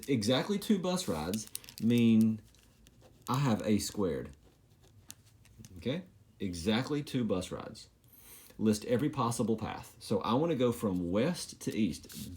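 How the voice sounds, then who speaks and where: A man's voice: lowish voice, a little mellow. A man teaching a recorded math lesson, making joking, self-deprecating asides while he writes.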